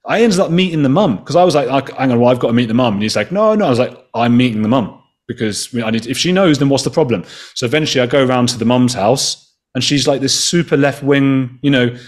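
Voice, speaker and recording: A man in his thirties tells a story as a podcast guest, talking in a casual, animated way. He swears freely and slips into the voices of the people he quotes. His voice sits at an ordinary middle pitch. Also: quick pace.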